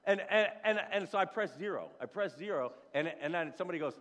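A middle-aged male pastor preaching a sermon, telling a story with lively, repetitive storytelling. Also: fairly high pitch, fairly quick. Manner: animated storytelling, repeats words when building up. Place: church sanctuary. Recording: long reverb in a church hall.

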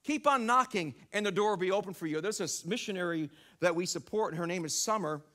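Lively high-voiced preacher man. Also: fast talker. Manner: animated storytelling, exclaiming and repeating phrases. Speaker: pastor. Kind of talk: sermon. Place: church sanctuary.

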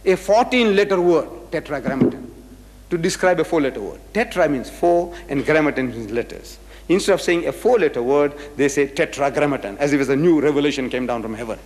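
A man's voice: fairly high pitch, animated, a little fast, darkish tone. An older man from South Africa giving an emphatic religious lecture, firing rhetorical questions at his audience. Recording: hall with long reverb.

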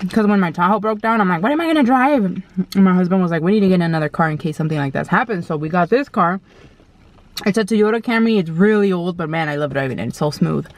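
Between bites, a woman with a lowish voice tells a story for her vlog, speaking bluntly and casually with slang and a bit of mild swearing. Quoted lines get acted out in a raised, exclaiming voice.

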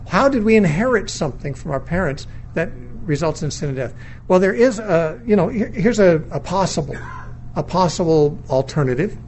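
A man's voice: a little high, slight background noise. A middle-aged man teaching a Bible lesson in a sermon lecture, reasoning aloud in a thoughtful, questioning way, often restarting his sentences. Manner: questioning, weighing views, undogmatic.

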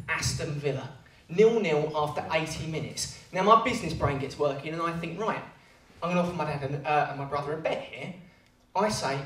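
A man's voice: high-pitched, a bit bright. A young adult man doing stand-up, telling self-deprecating stories and acting out the characters. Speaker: stand-up comedian. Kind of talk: stand-up comedy routine. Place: comedy venue. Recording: echoey venue, heard from far off, crowd laughing.

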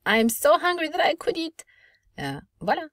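A woman in her thirties, a French teacher, explaining a lesson clearly and patiently with lively emphasis. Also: sits high, moderate pace, no echo, studio quality. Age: 30s. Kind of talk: recorded language lesson.

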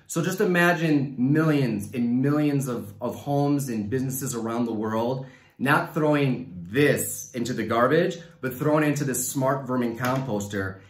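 A man with a Mexican Spanish accent speaks with upbeat enthusiasm, explaining his science to a panel. His voice sits at an ordinary middle pitch. The sound carries a noticeable room echo. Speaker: science communication finalist. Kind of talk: science talk and audience Q&A.

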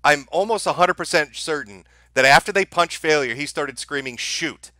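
Bright sarcastic male commentator. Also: a little high, normal speed, dry recording. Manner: sarcastic, laughs at the footage. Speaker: online commentator. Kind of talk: mocking video commentary.

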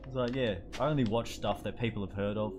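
A man's voice: fairly low pitch, steady tone, fast, noisy background. A young man streaming a game, casually joking and teasing his live chat, laughing often.

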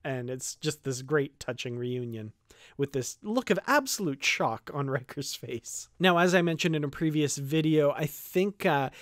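A man with a fairly high voice gives casual, unscripted commentary on a trailer for his fan channel. He thinks aloud, often pausing with fillers and restarting sentences. The recording is close and dry. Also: animated, dry recording.

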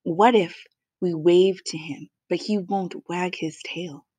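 A woman's voice: on the low side, fairly even intonation, slow, mellow, breathy edge, no echo. A woman voicing a fretful male weasel who lists his fears anxiously in a storybook reading. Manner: anxious, breathless listing of fears.

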